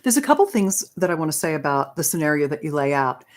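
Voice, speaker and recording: This relationship expert, a woman appearing as a guest on an interview program, talks fast in a low-pitched voice with wide swings in pitch. She coaches enthusiastically, laughs a lot, and keeps the interview conversational.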